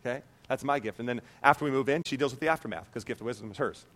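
A man preaching a sermon as pastor, animated and conversational, often checking in with "okay?". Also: medium pitch, racing, hardly any pauses.

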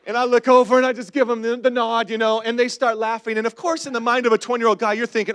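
A man's voice: very high voice, a little fast, fairly bright tone, clear, resonant tone. A man in his forties, a pastor telling a humorous personal story in a sermon and calling out to the congregation.

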